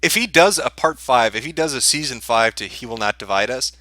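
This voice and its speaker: A man delivers profane, sneering commentary with a bright, sharp-edged tone. The sound is dry and close, with no room in it. He talks in an amused, crude way, mocking as he goes. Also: mid-range voice, lively intonation, brisk, dry recording. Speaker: podcast host.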